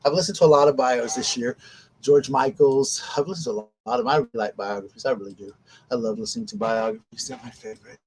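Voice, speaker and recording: A man's voice: medium pitch, fast talker, slight background noise, rough recording. A man chatting casually on a home live stream, rambling and often interrupting himself.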